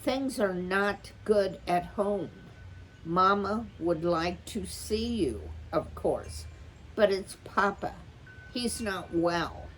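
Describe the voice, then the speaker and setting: A woman's voice: mid-range voice, expressive, slow, a little hiss or hum, voice pushed up, poor audio. A woman doing Lily, a prim, formal mouse. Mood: grave. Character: prim, formal young female mouse, grave and proper.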